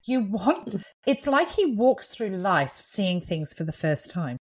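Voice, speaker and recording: Lady podcast cohost, animated chat, goes up and down a lot. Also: mid-range voice, takes it slowly, rough recording. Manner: chatty, animated, laughs often. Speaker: podcast co-host, medium. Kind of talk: casual chat.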